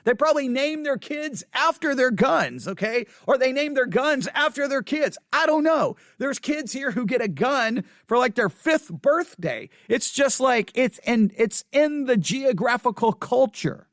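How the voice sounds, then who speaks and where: A man's voice: extremely high pitch, lively intonation, unhurried, few pauses, a bit bright, no room sound, clean studio sound. A man hosting a theology podcast, talking in an emphatic, opinionated monologue full of repetition and wry asides. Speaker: podcast host. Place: West Texas.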